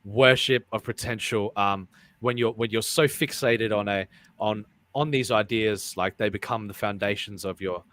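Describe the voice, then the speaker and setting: Rambling low-voiced man hosting a live show. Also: fairly even intonation, normal speed, a bit bright, no room sound. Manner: rambling, repeats words, laughs often. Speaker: podcast host. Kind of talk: casual live-stream chat.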